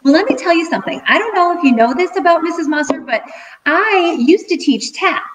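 A middle-aged woman teacher giving a cheerful video lesson to young children, counting out rhythms slowly and clearly. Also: very high-pitched, expressive, background noise. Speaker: school teacher.

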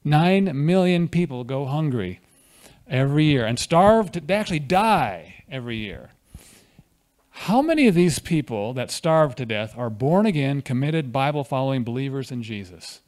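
Mellow-voiced man preaching a sermon. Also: mid-range voice, big pitch swings, normal speed. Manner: conversational preaching with questions to the congregation. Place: church fellowship hall.

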